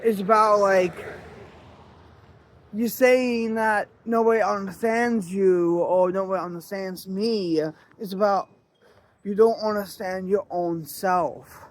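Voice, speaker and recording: A man talking in a personal reflective vlog, halting and earnest, searching for his words. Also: high-pitched, fairly even intonation. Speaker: vlogger.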